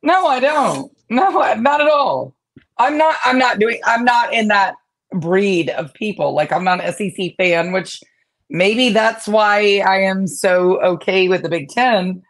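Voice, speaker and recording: Sassy woman on a sports podcast, blunt, swears a lot, mid pitch. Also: expressive, a little slow. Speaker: podcast co-host. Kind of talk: casual sports talk.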